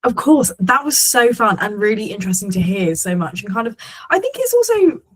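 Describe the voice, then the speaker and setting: A woman hosting a book club interview, asking questions in a relaxed, rambling way with many fillers. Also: mid-range voice, fairly quick. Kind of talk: casual interview chat.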